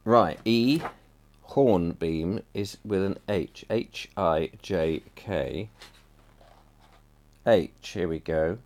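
A middle-aged man from England speaks in a loose, reflective way, as if thinking aloud for a video. His voice sits low, and he rambles wistfully, often losing the thread of a sentence partway through. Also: expressive, drawn-out words, pauses often, darkish tone. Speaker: vlogger. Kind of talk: reflective casual monologue.

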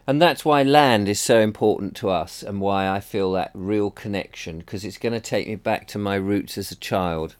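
A middle-aged man from England speaks in a loose, reflective way, as if thinking aloud for a video. His voice sits low, and he rambles wistfully, often losing the thread of a sentence partway through. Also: moderate pace, few pauses, smooth. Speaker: vlogger. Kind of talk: reflective casual monologue.

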